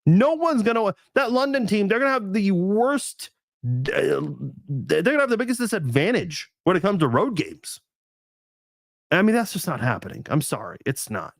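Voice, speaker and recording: A man's voice: sits high, very animated, moderate pace, no echo. A man hosting a casual live stream chat, thinking aloud with lots of restarts and fillers.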